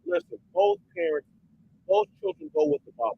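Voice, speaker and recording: A man hosting a heated, profane commentary rant who repeats himself for emphasis and breaks into shouts when worked up. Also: very high voice, a little fast, creaky, highs cut off, slight background noise. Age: adult parent. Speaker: host.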